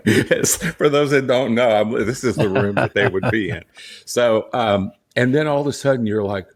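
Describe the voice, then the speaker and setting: A man's voice: on the low side, unhurried. A middle-aged man with a Southern US accent, a portrait photographer and studio owner, speaking as an interview guest in his studio. He talks earnestly and with emphasis, often restarting and repeating his key phrases. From Southern United States. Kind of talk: conversational interview storytelling.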